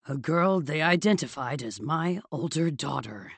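Female narrator as a scheming, failing father: husky, lively intonation, calm and cold. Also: low-pitched, measured pace, no echo, exaggerated voice. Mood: calculating. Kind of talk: audiobook character voice.

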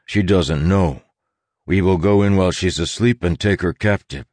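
A man voicing a steady grown man who talks with firm insistence. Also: low-pitched, normal speed, dry recording, lightly acted. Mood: planning.

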